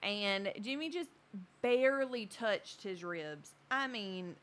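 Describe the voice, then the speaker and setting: A woman who coaches jiu-jitsu, telling a story in a chatty, animated way with plenty of fillers. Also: medium pitch, takes it slowly. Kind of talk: casual storytelling.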